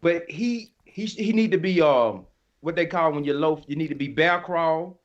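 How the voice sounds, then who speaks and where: A man with a high voice rants on a sports podcast, emphatic and colloquial, clearly fired up. His audio is slightly dull and lo-fi. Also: normal speed. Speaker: podcast co-host. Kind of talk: heated sports podcast rant.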